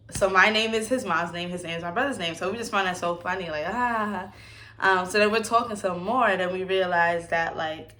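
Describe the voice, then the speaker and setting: A woman's voice: on the low side, fairly bright tone. A woman in her twenties from the United States, hosting a casual Q&A vlog and telling stories animatedly, acting out the voices of the people she quotes and laughing often. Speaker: vlogger.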